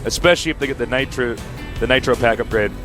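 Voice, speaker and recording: A man's voice: medium pitch, quick pace, music in the background. A man doing play-by-play for a live video game match, upbeat and playful as he hypes up the game. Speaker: esports caster.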